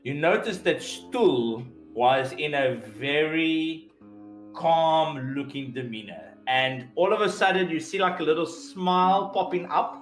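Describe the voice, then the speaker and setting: A man acting as game master, narrating a tabletop game in an unhurried way, repeating himself as he goes. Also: fairly high pitch, expressive. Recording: roomy echoey room, faint music.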